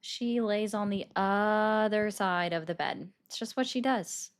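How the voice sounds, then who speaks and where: A woman hosting a live call-in stream from her bedroom. She talks at a middle pitch and keeps up an easygoing chat while answering viewer comments. Her desk microphone picks her up at close range. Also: measured pace, smooth. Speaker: livestream host taking calls. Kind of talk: casual political commentary chat. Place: bedroom at home.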